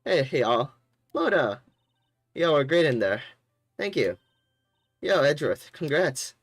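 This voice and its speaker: A man's voice: fairly high pitch, sing-song, measured pace, dry recording, studio quality, soft background music, pitched above the performer's own voice, exaggerated voice. A man doing a brassy drawling gal. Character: perky young woman photographer with a Southern drawl.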